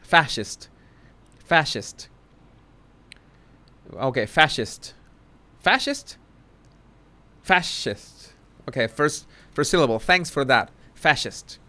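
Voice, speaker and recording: A man hosting a casual live commentary, talking haltingly with many restarts and self-corrections. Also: mid-range voice, expressive, sharp tone. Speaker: social commentary host.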